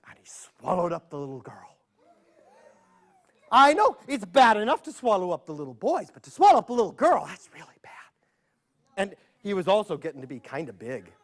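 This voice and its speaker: Animated male storyteller, lively pitch. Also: a little fast. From United States. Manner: playful, chatty asides. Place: public library event.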